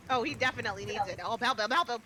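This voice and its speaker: A woman playing in a casual tabletop game. She is excitable, swears freely and slips into character voices. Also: fairly high pitch, a little hiss or hum. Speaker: player.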